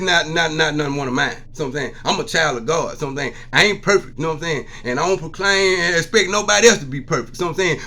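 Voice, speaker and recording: A vlogger with a high-pitched, sharp voice delivers an emotional, preachy testimony monologue to his viewers, repeatedly saying "see what I'm saying."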